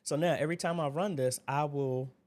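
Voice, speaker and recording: A man's voice: a little high, a little fast, a little mellow. Man, livestream host, casual chat, greets viewers by name, talks through a screen demo, desk setup.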